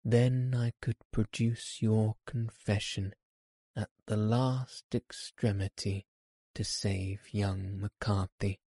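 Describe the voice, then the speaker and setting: Man reading a calm gentle detective, super slow and measured, dry close audio. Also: lowish voice, husky, dry recording, heavily acted.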